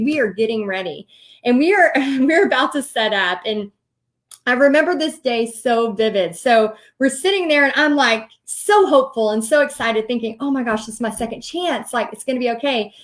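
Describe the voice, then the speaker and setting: Thirties Southern woman host, animated and chatty, somewhat high voice. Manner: animated, chatty, many ums and likes. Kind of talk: casual storytelling livestream.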